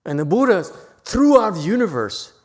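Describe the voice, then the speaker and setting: A man giving a Buddhist dharma lecture in a temple hall, playful and teasing, jumping from loud emphatic lines to quiet asides. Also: sits high, very animated, normal speed. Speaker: Buddhist teacher.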